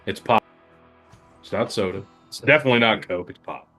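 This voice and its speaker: A man's voice: on the low side, a little fast, bright, forceful tone, faint music behind. A man co-hosting a whiskey tasting, joking sardonically and swearing freely. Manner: sardonic, profane, jokey. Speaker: co-host of a whiskey review show. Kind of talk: casual tasting chat.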